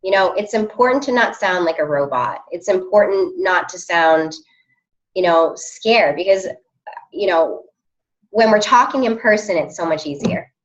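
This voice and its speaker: A woman's voice: lowish voice, lively intonation, moderate pace, muffled recording. A woman coaching her team on a call, upbeat and chatty with many fillers.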